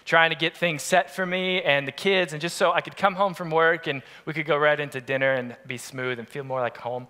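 A pastor in his adult years preaches a sermon, spinning a comic story and tossing playful asides to his listeners. His voice sits high for a man and has a bright, sharp ring to it.

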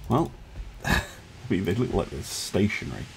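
A man's voice: sits low, big pitch swings, moderate pace, gravelly, slight background noise. A man giving casual, musing commentary on a naval strategy game as host, chuckling often and poking fun at himself. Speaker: gaming video host.

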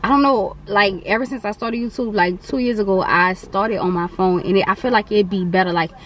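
A woman's voice: mid-range voice, brisk, fairly bright tone. Chatty young woman vlogger. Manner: chatty, rambling, slangy. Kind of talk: casual mukbang vlog chat.

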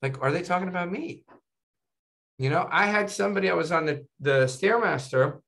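A man's voice: high-pitched, brisk, creaky. A man speaking as a physician guest in a casual interview, telling stories animatedly and tagging his sentences with "right?" and "you know". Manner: animated storytelling, tags 'right?' and 'you know'.

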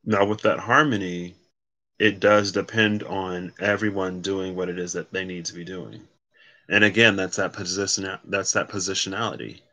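A man's voice: sits low, steady tone, normal speed, bright, forceful tone. A man giving a casual solo card reading, rambling and correcting himself as he reads card meanings aloud. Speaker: tarot card reader.

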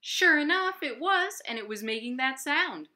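A woman's voice: high-pitched, animated, normal speed, sharp tone. A woman hosting a library storytime from her home, reading a picture book aloud to children with gasps and playful sound effects.

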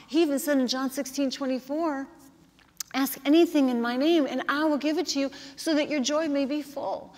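A woman pastor preaching a sermon in an earnest, conversational way, often saying "like" and "kinda.". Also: fairly high pitch. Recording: long hall reverb.

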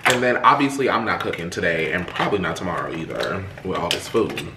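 A man from Jamaica chatting on a handheld camera in a food vlog, dramatic and sassy, jumping from loud exclamations to low muttered asides. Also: big pitch swings, fairly quick, vocal fry, few pauses, noisy background. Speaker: food vlogger. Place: in a car, out and about, then at home. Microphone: handheld camera or phone.

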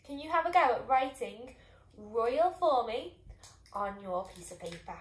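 A woman teaching young children phonics, sounding out each sound slowly and clearly and encouraging them. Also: a little high, lively intonation, echoey room. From England. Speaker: primary school teacher.

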